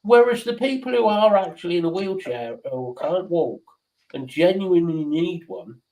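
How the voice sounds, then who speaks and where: Animated, blunt man. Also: high voice, moderate pace, rough recording. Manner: swearing, blunt, animated storyteller. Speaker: stream host. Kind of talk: casual chat, storytelling.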